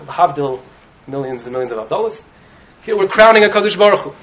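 A man giving an animated Torah talk as a rabbi in a study hall, often asking "right?" to his listeners. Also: fairly high pitch, fast, lo-fi sound. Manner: animated, keeps checking in with "right?". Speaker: rabbi teaching in a yeshiva.

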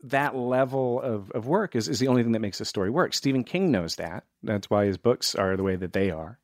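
A man, a film director, talking in a relaxed, thoughtful way with many restarts. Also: mid-range voice, brisk, dry recording, studio quality. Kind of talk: casual conversation.

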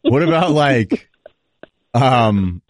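A man's voice: medium pitch, animated, drawn-out words, dry recording. A man hosting a talk show, chatting loosely and joking with his guest. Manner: easygoing, joking, trails off and restarts. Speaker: host. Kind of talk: casual chat.

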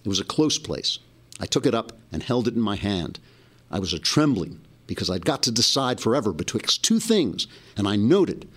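A man's voice: on the low side, very animated, moderate pace, a bit bright, slightly rough, exaggerated voice. A man reading aloud as an uneducated boy on a river raft, earnest and troubled, in a folksy old rural dialect from a novel.

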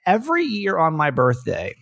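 A man's voice: on the high side, huge pitch swings, moderate pace, vocal fry, a bit bright, no echo, studio quality. A middle-aged man hosting a podcast, talking in a candid, rambling, self-deprecating way. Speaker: radio and podcast host. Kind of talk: casual conversational podcast chat.

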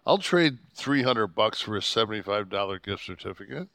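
A man's voice: lowish voice, expressive, a little fast, fairly bright tone, no echo, clean studio sound. A man hosting a podcast in casual chat, blunt and heavily profane, often stumbling and restarting his sentences. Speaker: podcast host.

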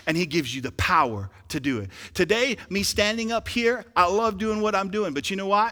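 A man's voice: high voice, pushed and bright, long reverb tail. A man preaching a sermon as pastor, building emphasis with rhetorical questions to his congregation. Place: church sanctuary.

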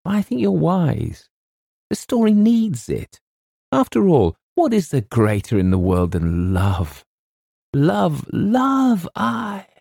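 A man voicing a gruff middle-aged Scottish literary agent with a quavering voice, blunt and then tearfully wistful. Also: high-pitched, huge pitch swings, slow, dark tone, no echo, clean studio sound, voice pushed up, heavily acted. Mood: brisk, scoffing.

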